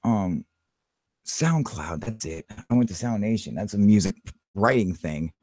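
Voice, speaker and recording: A man's voice: on the low side, expressive, a little slow, a little mellow, dry recording. Man, live-stream host; casual, swearing, narrates his screen work; dry sound. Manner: loose, heavily profane, narrates his computer actions aloud.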